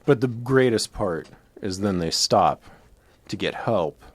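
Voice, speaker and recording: A man's voice: fairly low pitch, animated, slow. A man appearing as a guest on a studio radio show, chatting eagerly about his favorite films. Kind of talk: casual radio chat.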